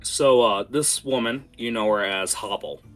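A man's voice: medium pitch, unhurried, a bit bright, soft background music. A man narrating a tabletop game as game master, rambling with many fillers.

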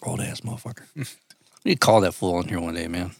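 This podcast co-host, a man in his thirties, keeps the chat casual and profane, laughing and restarting as he goes. His low, gravelly voice is animated and fairly quick, captured with no echo.

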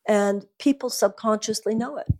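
A woman speaking as a guest at a live event, talking about spiritual life in an earnest, animated, emphatic way. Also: medium pitch, normal speed. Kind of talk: conversational talk at a live event.

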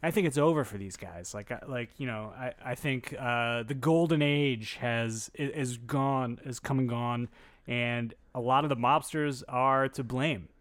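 A man's voice: mid-range voice, fairly even intonation, measured pace, fairly bright tone, dry recording. A man hosting a podcast in casual chat, rambling with many fillers and restarts. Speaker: podcast host.

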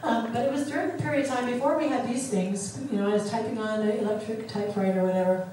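A middle-aged woman therapist giving an animated teaching talk, acting out the voices she quotes. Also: a little high, quick pace, far from the mic, a little hiss or hum. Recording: very echoey room, voice from off the mic.

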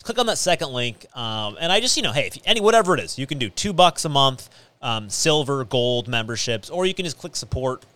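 A man's voice: mid-range voice, sing-song, brisk, sharp tone, no room sound. A man hosting a podcast in a small studio, chatting casually and rambling with many fillers and restarts. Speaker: podcast host. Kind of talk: casual chat.

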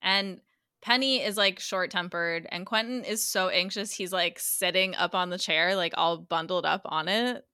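A woman in casual podcast chat, summarizing a TV episode scene by scene. Her voice is bright and forward, recorded dry and close with no room sound. She slips into quick impressions of the characters as she tells it. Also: on the low side, clear, resonant tone, no room sound. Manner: animated storyteller, acts out characters' lines. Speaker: podcast co-host recapping a TV episode.

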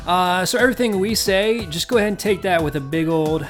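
A man co-hosts a casual comedy podcast. He banters with a dry, joking delivery while plugging the show. Faint music sits quietly in the background. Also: high voice, fairly quick. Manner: joking, deadpan self-promotion. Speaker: podcast co-host.

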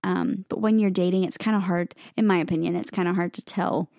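A woman's voice: lowish voice, fairly even intonation, a little fast, a little mellow, no echo, clean studio sound. A young woman co-hosting a podcast, chatting casually with plenty of fillers and laughs. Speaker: podcast co-host. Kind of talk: casual chat.

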